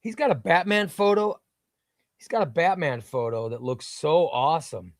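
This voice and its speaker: A man's voice: fairly high pitch, moderate pace, no room sound, studio quality. A man hosting a casual comics livestream, reading viewer comments in an enthusiastic, rambling way.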